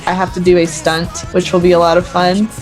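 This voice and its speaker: Female podcast guest from the US, lower pitch, bubbly and self-mocking. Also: flat delivery, fairly quick, a little mellow, soft background music. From United States. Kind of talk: casual chat.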